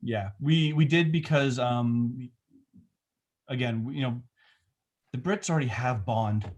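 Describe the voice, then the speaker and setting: A man's voice: mid-range voice, unhurried, a little mellow. A middle-aged man, a film director, talking in a casual remote interview, thoughtful and rambling with many restarts.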